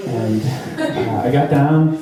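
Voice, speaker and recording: A young man telling a comedic true story at an improv show, rambling with lots of fillers and jumping into high squeaky voices for the people in it. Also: slow, crowd noise. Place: theater stage. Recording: roomy, distant live stage recording.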